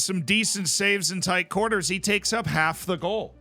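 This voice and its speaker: A man's voice: high-pitched, moderate pace, sharp tone, soft background music. Wry, chatty male streamer. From Tampa, Florida. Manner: wry, chatty, talks to chat. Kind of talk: casual game commentary.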